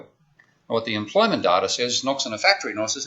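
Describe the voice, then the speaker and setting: A man with a lowish, bright, forceful voice lectures at a university. He explains each step casually and checks in often with the room. It is captured on a dull, lo-fi recording. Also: sing-song, fast. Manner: conversational, explains step by step with frequent "okay?". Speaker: economics lecturer.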